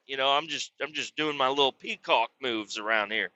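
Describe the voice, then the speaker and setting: A man's voice: medium pitch, brisk, few pauses, dry recording. A man hosting a podcast, telling a rambling personal story in a casual, profane way. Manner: profane, rambling, animated when quoting. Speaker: podcast host. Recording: dull lo-fi recording.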